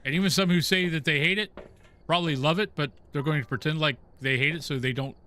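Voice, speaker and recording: Rambling, bright-voiced man streaming. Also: a little high, fairly even intonation, quick pace, slight background noise. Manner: rambling, talks to chat and to the game's ghost. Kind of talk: casual chat with stream viewers while gaming.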